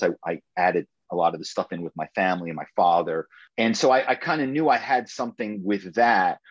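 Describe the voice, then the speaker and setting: A middle-aged man, an author being interviewed, talking in an animated, storytelling way with frequent restarts. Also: fairly low pitch, no room sound, dull audio. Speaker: author and guest. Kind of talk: casual interview chat.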